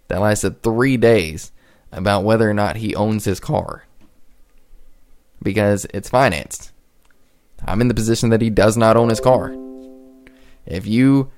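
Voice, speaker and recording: A man in his twenties hosting a solo podcast, talking casually and rambling with frequent restarts. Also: on the low side. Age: 20s. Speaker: podcast host.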